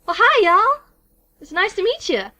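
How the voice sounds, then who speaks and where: A man's voice: very high-pitched, wildly swooping pitch, moderate pace, pushed and bright, voice pushed up, full character voice. A man voicing a friendly young male florist with a Southern US accent, cheerful and welcoming.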